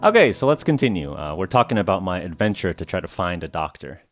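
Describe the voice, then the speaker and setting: A man's voice: sits low, sing-song, fast talker, over music. A young man hosting a podcast, telling a story in a chatty, self-mocking way full of "uh" and "like". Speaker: podcast host. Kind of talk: casual storytelling podcast for English learners.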